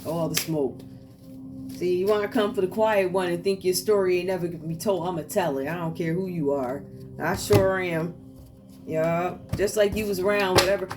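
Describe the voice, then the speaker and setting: A woman's voice: on the low side, fairly even intonation, a little fast. A woman doing a tarot reading for viewers, talking in a sassy, outspoken way and asking the cards to speak. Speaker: tarot reader. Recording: distant mic with loud music behind.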